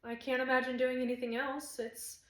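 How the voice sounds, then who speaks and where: A woman's voice: high voice, level tone, normal speed, reverberant, voice pushed up, close to an everyday voice. A woman reading the lines of a dry, easygoing young woman who repairs things around a castle, in an audiobook. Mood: calm. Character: skeptical young woman castle handywoman, calm.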